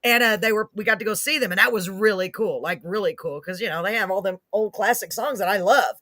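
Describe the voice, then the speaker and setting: A woman's voice: medium pitch, fast, a bit bright, no room sound, clean studio sound. A woman hosting a live music show, chatting casually, gushing and laughing often as she rambles. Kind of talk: casual live-stream chat.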